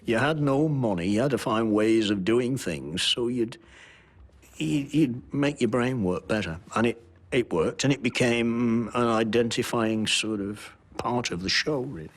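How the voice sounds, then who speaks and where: A man in an interview, talking about a show he created in an animated, earnest way. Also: mid-range voice, a little slow.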